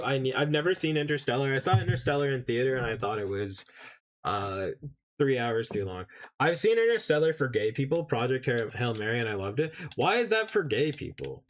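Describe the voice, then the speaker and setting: A man who spent his early childhood in England, streaming and chatting casually, ranting with lots of swearing and greeting viewers. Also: medium pitch. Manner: profane, animated ranting. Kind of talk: casual live-stream chat.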